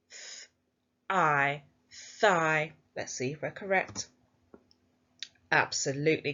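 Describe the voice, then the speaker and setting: A woman teacher with an English accent leads a phonics lesson for young children, slowly sounding out letters and praising them in an encouraging, sing-song way. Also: mid-range voice, bright, forceful tone, lo-fi sound. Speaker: primary school teacher.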